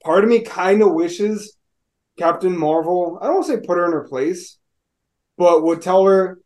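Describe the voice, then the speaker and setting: A man's voice: high-pitched, normal speed, darkish tone. A man co-hosting a casual podcast chat, talking animatedly and swearing freely. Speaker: podcast co-host.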